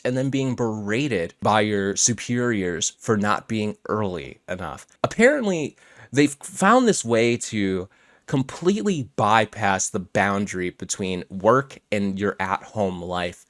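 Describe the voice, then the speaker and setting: A young man hosting casual reaction commentary in a lowish voice. He talks bluntly and conversationally and swears freely as he goes. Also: expressive, unhurried, no room sound, clean studio sound. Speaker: commentary channel host.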